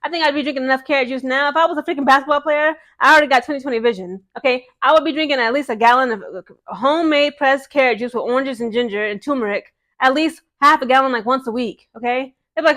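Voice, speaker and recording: Fast-talking fired-up woman ranting. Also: high-pitched, a bit bright. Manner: fired-up, repeats "okay?" and "again". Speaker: sports vlogger. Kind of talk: casual ranting vlog.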